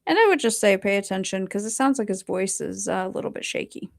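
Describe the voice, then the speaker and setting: A woman's voice: medium pitch, animated, fast talker, vocal fry. A woman hosting a casual reaction commentary, talking bluntly and defiantly with plenty of swearing. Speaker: host.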